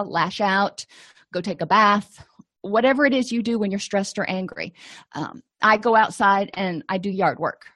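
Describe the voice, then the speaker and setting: A woman's voice: mid-range voice, a bit bright, no room sound. Middle-aged female counselor, conversational teaching tone, dry close sound. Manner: explanatory, conversational, uses examples. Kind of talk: recorded lecture.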